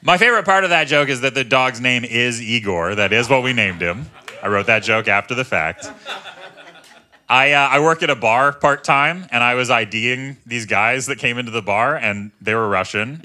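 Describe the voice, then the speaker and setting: A man in his thirties doing a stand-up comedy set, chatting in a self-mocking way, tagging jokes with "right?" and leaping into loud voices for punchlines. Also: a little fast. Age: 30s. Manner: conversational, self-mocking, often tags lines with "right?"; jumps into loud high character voices for punchlines. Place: comedy club stage.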